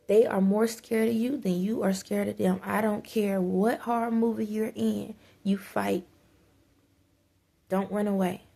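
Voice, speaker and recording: Gravelly, husky woman urging listeners on. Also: mid-range voice, mellow. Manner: emphatic, repetitive urging, stumbles and restarts. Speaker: spiritual vlogger. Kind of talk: preachy spiritual advice monologue.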